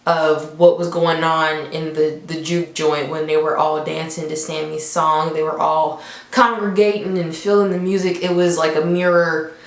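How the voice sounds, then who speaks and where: A young adult woman reviewing a film in a casual, animated storytelling way, often laughing between points. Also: low voice, normal speed. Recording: echoey room.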